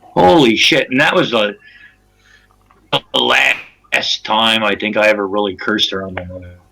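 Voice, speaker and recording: A man's voice: lowish voice, a little slow, creaky, sharp tone, slight background noise, low-quality recording. A man chatting casually, telling crude, joking stories. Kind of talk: casual chat.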